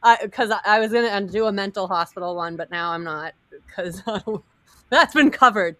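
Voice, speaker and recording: Bright, animated woman telling a story. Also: medium pitch, moderate pace, no echo. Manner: animated, laughing often, acting out quotes. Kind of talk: casual storytelling chat.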